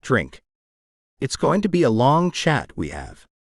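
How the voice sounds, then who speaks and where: A man voicing a tiny, husky, teasing foreign woman. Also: mid-range voice, wildly swooping pitch, slow, no room sound, studio quality, full character voice. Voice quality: husky rasp.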